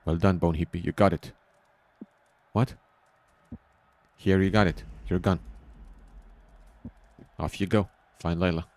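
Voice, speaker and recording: A man's voice: deep voice, fairly even intonation, slow pace, long pauses, darkish tone, dry recording. A man voicing a blunt male rebel character who talks in broken English, dropping small words. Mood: bossy.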